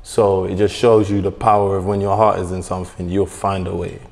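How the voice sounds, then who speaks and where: A London man talks in a relaxed, earnest way, his voice sitting a little low. He keeps filling gaps with "you know". A long reverb hangs behind him. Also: a little fast, creaky. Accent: London English. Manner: earnest, laid-back, many "you know" fillers. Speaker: basketball player. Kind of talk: casual conversation.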